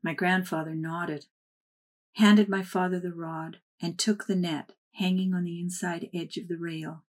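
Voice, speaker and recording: Woman narrator, lowish voice, soft and measured memoir reading. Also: flat delivery. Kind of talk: first-person memoir read aloud.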